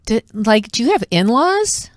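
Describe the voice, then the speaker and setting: A woman hosting a talk show, asking questions eagerly and reacting quickly to her guest. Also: on the high side, big pitch swings, no room sound. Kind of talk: casual interview chat.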